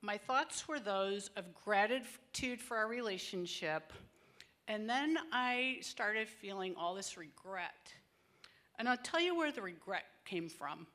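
A woman's voice: mid-range voice, lively intonation, takes it slowly, pushed and bright. A woman speaking to a group of women about grace, telling a personal story in an earnest, conversational and emotional way. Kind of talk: personal testimony talk.

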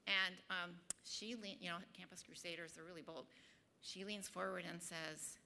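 A woman's voice: on the low side, fairly even intonation, normal speed, gravelly, pushed and bright, a little hiss or hum. A woman giving a personal faith testimony and Bible teaching to a group, chatty, with lots of ums and little laughs at herself. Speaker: speaker at a Bible study group.

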